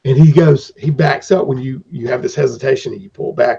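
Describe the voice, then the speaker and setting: A man's voice: medium pitch, a little fast, creaky, mellow, slightly rough. A man acting as game master, narrating a tabletop game in a rambling, descriptive way on a dull lo-fi recording.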